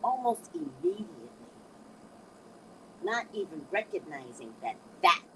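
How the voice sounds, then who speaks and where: Her voice is on the low side and a little slow, heard over slight background noise in a low-quality recording. A middle-aged woman giving casual motivational life advice, she animatedly performs the voices of people she quotes.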